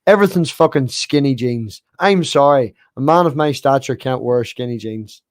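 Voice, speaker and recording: A man's voice: medium pitch, normal speed, dry recording. A man hosting a casual online chat, joking around and swearing freely. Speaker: streamer host.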